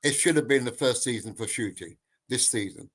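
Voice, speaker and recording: A man co-hosting a podcast, arguing his point calmly and persistently. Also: mid-range voice, a little fast, slightly rough. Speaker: podcast co-host. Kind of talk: casual podcast debate.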